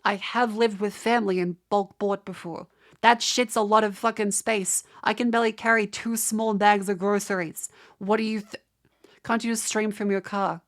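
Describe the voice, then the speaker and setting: A woman's voice: mid-range voice, fairly even intonation, moderate pace. Exasperated Australian woman ranting to chat. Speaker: streamer. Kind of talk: casual live-stream chat.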